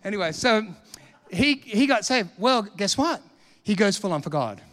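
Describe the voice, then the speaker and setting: An Australian man in his fifties preaching a sermon, telling stories with animated, punchy repetition. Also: high-pitched, normal speed, in a large hall. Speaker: pastor.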